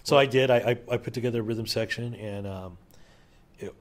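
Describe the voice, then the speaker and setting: A man's voice: mid-range voice, fairly even intonation, fairly quick. A middle-aged man, a session drummer, telling stories casually in an interview, loose and enthusiastic with plenty of fillers and swearing.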